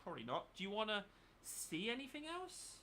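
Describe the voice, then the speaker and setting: Bright-voiced man muttering while painting. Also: sits high, huge pitch swings, a little fast, slight background noise. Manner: thinks aloud, mutters while working. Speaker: miniature painting channel host. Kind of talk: casual chat while painting.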